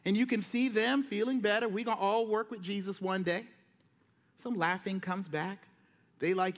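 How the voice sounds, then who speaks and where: A man preaching a sermon from a church, telling the story with lively voices and casual slang. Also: sits high, normal speed. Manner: lively storytelling, acting out Jesus and disciples in slang. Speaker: pastor. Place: church sanctuary.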